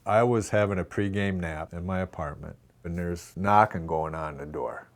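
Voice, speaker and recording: A man in his sixties from Minnesota with a very low, deep voice spins loose, self-mocking stories in an interview. He tells them casually and acts out bits of dialogue. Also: moderate pace. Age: 60s. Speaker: former hockey player and actor, guest. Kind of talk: casual anecdotal storytelling.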